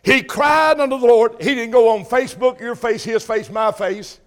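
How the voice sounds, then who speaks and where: A man's voice: very high-pitched, moderate pace. An older man preaching a folksy sermon, calling questions out to his congregation.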